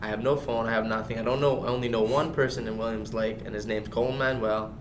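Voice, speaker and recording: Guy hosting a podcast, chill, short punchy lines, mid pitch. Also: fairly even intonation, fast, slight background noise. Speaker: podcast host. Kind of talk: casual storytelling.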